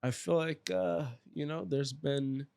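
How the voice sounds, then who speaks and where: Woman host, extremely low voice, dry sound, casual banter. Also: measured pace, creaky, mellow, dry recording. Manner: reactive, brief interjections. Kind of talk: casual chat.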